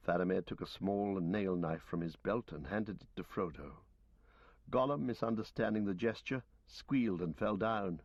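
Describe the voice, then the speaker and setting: A man narrating an audiobook in a steady, even storytelling manner. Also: low-pitched, normal speed, dry recording. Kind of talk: scripted narration. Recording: dull lo-fi recording.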